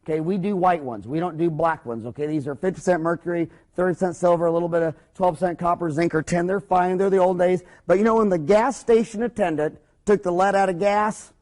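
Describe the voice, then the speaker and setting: High-voiced, blunt joking man lecturing. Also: fast, few pauses. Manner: blunt, joking, animated storyteller. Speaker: dentist lecturer. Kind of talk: lively seminar lecture with acted-out anecdotes.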